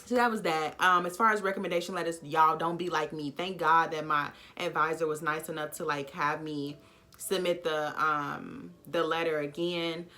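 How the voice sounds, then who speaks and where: A young woman telling a casual storytime vlog from home, animated and blunt, with sassy asides to her viewers. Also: deep voice, moderate pace. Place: home, dog snoring nearby.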